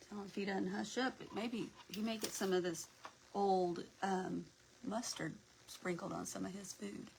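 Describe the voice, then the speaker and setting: A woman's voice: medium pitch, fairly even intonation, a little slow, vocal fry, a little mellow, a little hiss or hum, poor audio. A woman hosting a casual craft livestream, chatting and greeting viewers by name as she works, sometimes dropping to a near whisper.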